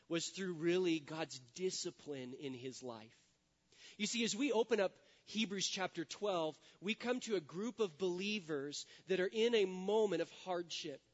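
Male pastor with a fairly high voice, an earnest storyteller preaching in a church; the sound is dull and rings with long hall echo. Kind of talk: sermon.

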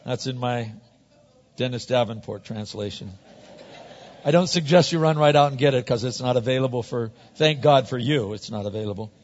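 A male pastor preaches conversationally, often repeating words as he builds toward a point. He speaks at a medium pitch and moderate pace, and the recording sounds muffled with long hall reverb.

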